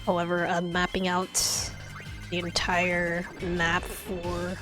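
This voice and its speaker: A woman's voice: lowish voice, monotone, slow pace, poor audio. Woman streamer, casual game commentary, laughs a lot, game music behind. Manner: chatty, laughs often.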